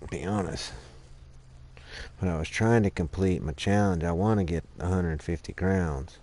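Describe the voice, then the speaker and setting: A man's voice: sits low, normal speed, warm tone. A man casually chatting to his viewers during a game stream, rambling and swearing freely about his sore arm. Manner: profane, rambling, talks to chat and his dogs. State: sore right arm, stretching. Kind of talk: casual gaming stream chat. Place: home, dogs barking nearby.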